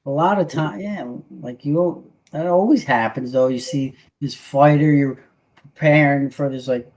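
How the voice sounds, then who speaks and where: A laid-back man chatting casually about fights, mostly agreeing with his co-host and dropping slang. His voice is mellow and dark-toned. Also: a little high, unhurried. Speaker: podcast co-host. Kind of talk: casual fight predictions chat.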